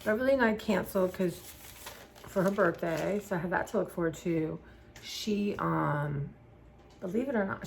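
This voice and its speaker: A woman from southern Maryland talks in a loose, rambling way to her viewers while she paints. Her voice sits low for a woman, with a gravelly, creaky edge. A faint hiss of noise runs under the recording. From southern Maryland, USA. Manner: rambling, chatty, trails off mid-sentence. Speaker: YouTuber. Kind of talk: casual chat while painting.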